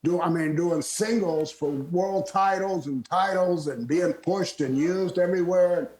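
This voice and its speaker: An older man from Florida, a retired wrestler, telling lively stories as a guest and laughing often. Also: high-pitched, measured pace. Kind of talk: storytelling interview. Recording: roomy echo.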